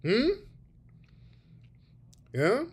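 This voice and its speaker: Male host, pointed emphatic commentary, a little higher voice. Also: very animated, drawn-out words, breathy edge. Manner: emphatic, addresses audience as family. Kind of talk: commentary on played clips.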